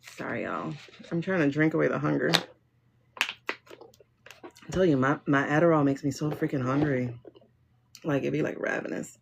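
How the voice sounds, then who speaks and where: A woman's voice: deep voice, a little fast, gravelly, highs cut off, noisy background. A woman doing a livestream tarot and pendulum reading, talking bluntly and joking with her viewers.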